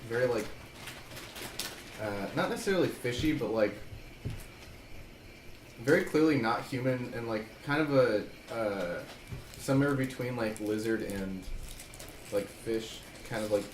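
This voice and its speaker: A man with a lowish voice rambles through his character's description with many fillers. The room is echoey. Background noise is clearly heard. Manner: rambling, many likes and ums. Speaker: player. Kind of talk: casual tabletop chat.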